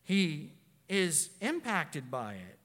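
A middle-aged man preaching a sermon as pastor, animated and storytelling, with frequent restarts. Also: fairly high pitch, takes it slowly. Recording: long hall reverb.

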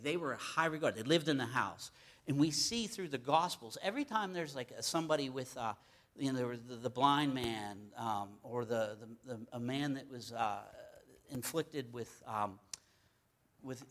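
A man's voice: mid-range voice, fairly bright tone. A man teaching scripture in a loose, conversational sermon, often repeating words for emphasis and restarting phrases. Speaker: Bible teacher.

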